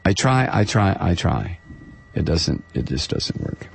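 A man's voice: deep voice, sing-song, a little slow, gravelly, a little hiss or hum. A man hosting a call-in radio show, ranting sarcastically and animatedly. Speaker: radio talk show host. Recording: lo-fi radio broadcast.

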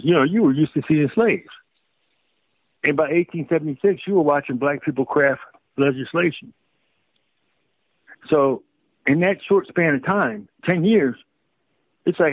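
A man's voice: mid-range voice, dry recording. Radio host guy going off, swearing a lot, voice swinging all over, thin phone-like dry sound. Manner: profane, emphatic, animated. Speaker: radio talk show host. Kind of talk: heated talk radio rant.

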